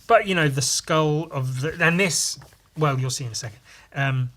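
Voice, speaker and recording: A man's voice: fairly high pitch, normal speed, fairly bright tone. A man hosting a podcast who rambles casually and enthusiastically about his own comic artwork, swearing freely. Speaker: comic artist and podcast host.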